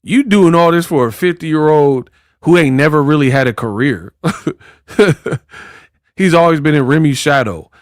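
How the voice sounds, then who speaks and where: A man's voice: on the high side, measured pace, no room sound, clean studio sound. A man in casual commentary who talks in a mocking, slangy way and acts out quotes. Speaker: boxing commentator.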